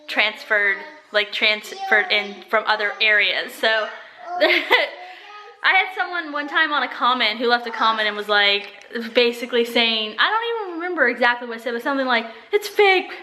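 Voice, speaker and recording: A Texas mother and vlogger with a sharp, animated, fairly high voice chats casually at normal speed inside her family home. She tells stories and laughs often, with a little hiss or hum in the audio.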